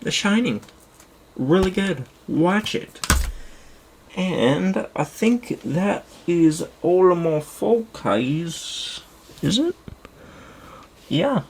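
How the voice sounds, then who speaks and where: A young man chatting casually and rambling excitedly as a streamer, with the odd curse word. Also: a little high, very slow, vocal fry, slight background noise. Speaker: streamer showing his movie collection. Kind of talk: casual chat.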